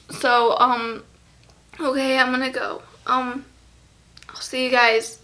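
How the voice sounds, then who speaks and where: A teenage girl vlogging a tribute to a lost friend, halting and close to tears, with many fillers. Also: high voice, flat delivery. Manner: halting, soft, full of fillers. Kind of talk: tearful memorial vlog.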